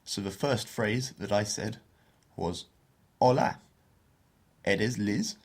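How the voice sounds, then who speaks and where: A man co-hosting a beginner Spanish podcast, explaining phrases and slowing down to model pronunciation. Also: on the low side. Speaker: podcast co-host teaching Spanish.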